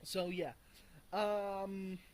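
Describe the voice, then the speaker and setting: A man's voice: high-pitched, flat delivery, drawn-out words, a little mellow, slight background noise, low-quality recording. A man, rambling casually and swearing freely while vlogging from home on a hot morning. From France. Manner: rambling and profane, with many fillers and chuckles. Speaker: video blogger.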